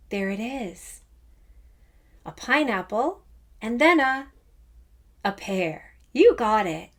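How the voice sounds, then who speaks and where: A woman's voice: a little high, a bit bright. A woman teaching a children's music lesson, encouraging and chanting rhythm words aloud. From Canada. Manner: encouraging, speaks slowly and sings out rhythm words.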